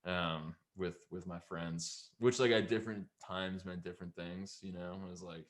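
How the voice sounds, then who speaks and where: A young man, a guest musician, chatting in a relaxed, rambling way full of fillers. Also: low voice, moderate pace. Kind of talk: casual chat.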